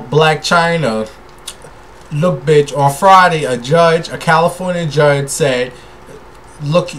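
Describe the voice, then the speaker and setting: A man's voice: a little high, fairly bright tone, slight background noise. A man, a tipsy gossip vlogger talking in a sassy, brash, profane way straight to his viewers. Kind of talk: casual celebrity gossip rant.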